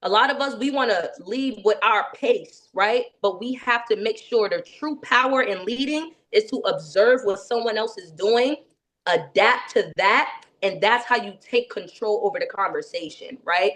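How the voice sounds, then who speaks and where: A woman leading a sales training session, coaching in a lively way and checking in with her listeners again and again. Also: mid-range voice, normal speed.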